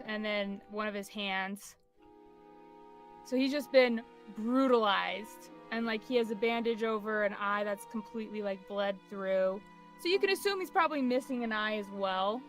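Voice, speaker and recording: A woman's voice: fairly high pitch, unhurried, soft background music. A woman narrating and running a tabletop role-playing game, describing scenes casually with frequent fillers. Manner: laughs often and describes scenes with many fillers. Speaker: game master.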